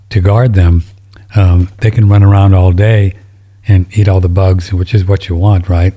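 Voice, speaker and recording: A man with a low, warm voice hosts a show, reading listener emails in a rambling, folksy, casual manner. It's relaxed chat, and he is easily moved to tears.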